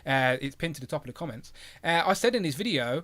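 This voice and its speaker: Bright, lively male stream host. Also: a little high, fast. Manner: rambling, laughs often, self-deprecating. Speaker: host of a toy collecting livestream. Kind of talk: casual chat.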